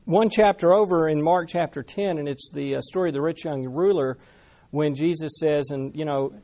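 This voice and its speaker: A man preaching a sermon in a conversational, animated way, talking with the congregation. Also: on the high side, normal speed. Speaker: pastor.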